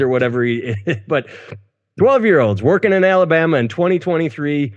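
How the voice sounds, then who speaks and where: A man in his thirties co-hosts a casual comedy news podcast, sounding sarcastic and profane and frequently stumbling into restarts. His voice runs on the high side and is expressive at a moderate pace, with a large-hall sound on dull lo-fi podcast audio.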